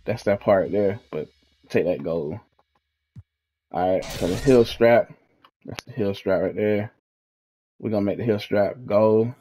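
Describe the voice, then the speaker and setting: A man's voice: fairly low pitch, measured pace, long pauses, dark tone. A young man hosting a casual gaming walkthrough, talking in a laid-back, slangy way and trailing off while he thinks. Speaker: gaming video host. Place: at home, in his fiancée's house.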